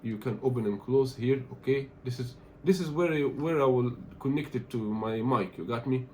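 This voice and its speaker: A man from Egypt, not an English speaker, talking through an unboxing as a tech reviewer, animated and complaining in loose phrasing. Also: medium pitch, normal speed, a little hiss or hum. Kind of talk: casual unboxing vlog.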